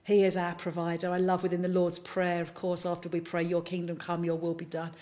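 A woman's voice: on the low side, completely flat delivery, fairly quick, warm tone. A woman leading an online church service, talking in a chatty, playful way as she closes with giving, prayer and a blessing. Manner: chatty and playful, talks while eating biscuits. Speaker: service leader. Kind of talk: casual closing remarks to an online congregation.

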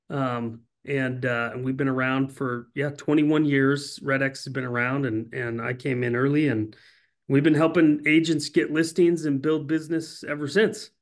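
Easygoing middle-aged man from California. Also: on the high side. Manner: easygoing, agreeable, frequent yeahs. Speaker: company president, guest. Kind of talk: casual interview chat.

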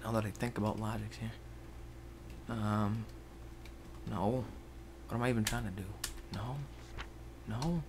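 A man's voice: fairly low pitch, fairly even intonation, measured pace, long pauses, background noise. Rambling man doing game commentary. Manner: rambling, swings between loud outbursts and muttered whispers. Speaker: gaming YouTuber. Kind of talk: Let's Play commentary. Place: at a computer, indoors.

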